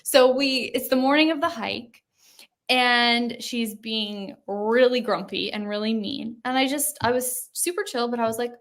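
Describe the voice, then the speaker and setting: Female interviewer, higher voice, animated, laughs a lot. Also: a little slow. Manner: animated, laughs often, enthusiastic. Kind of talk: casual conversation.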